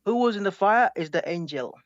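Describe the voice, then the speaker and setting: A man's voice: high voice, lively intonation, dry recording. Hesitant man on a dull dry call line. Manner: hesitant, restarts often, asks to slow down. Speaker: caller in a debate. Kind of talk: live online debate.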